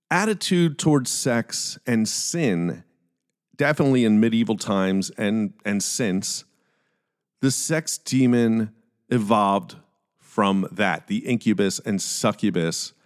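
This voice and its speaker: A man with a Philadelphia accent hosting a casual solo podcast, chatty and jokey with self-deprecating asides. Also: on the low side. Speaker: podcast host.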